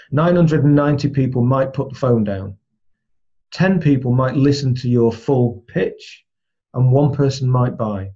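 A man's voice: mid-range voice, mellow, slightly rough. A man giving a conversational lesson on building rapport, explaining through everyday examples. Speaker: trainer. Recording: dull lo-fi recording.

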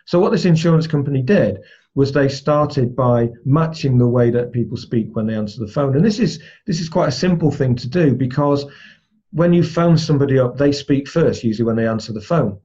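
A man teaches in a relaxed, conversational way. His voice is mellow and a little husky. The recording sounds dull and lo-fi. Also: medium pitch, a little fast. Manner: conversational, explains with everyday examples. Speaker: trainer. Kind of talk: spoken lesson on rapport.

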